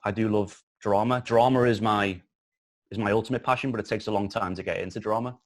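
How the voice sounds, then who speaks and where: A man's voice: lowish voice, steady tone, a little fast. A man in his thirties with a Liverpool accent, chatting casually as an interview guest, rambling with lots of restarts and the odd swear. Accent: Liverpool (Scouse). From Liverpool, England. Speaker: guest, filmmaker.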